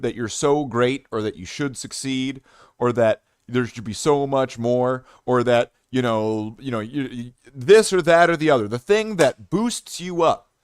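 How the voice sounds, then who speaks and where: A man's voice: medium pitch, animated, measured pace, smooth, dry recording, studio quality. Profane, rambling male game streamer. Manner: rambling, heavily profane ranting with many restarts. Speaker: live streamer and gaming host. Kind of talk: live stream commentary.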